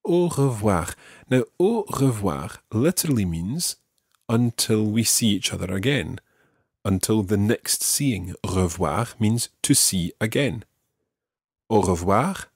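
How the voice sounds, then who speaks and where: A man's voice: lowish voice, lively intonation, takes it slowly, breathy edge, no room sound, studio quality. A man teaching beginners in a podcast lesson, patiently explaining each phrase step by step and modelling its pronunciation. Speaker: language teacher.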